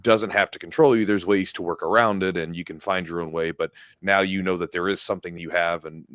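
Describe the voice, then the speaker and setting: A man hosting a podcast, giving advice in a relaxed, encouraging, conversational way. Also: low-pitched, brisk, dry recording, studio quality. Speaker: podcast host. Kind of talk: casual conversation.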